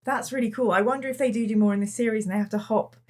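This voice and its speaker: A woman's voice: on the high side, steady tone, very fast, darkish tone. A woman hosting a book club podcast, enthusiastic and laughing often in a casual chat.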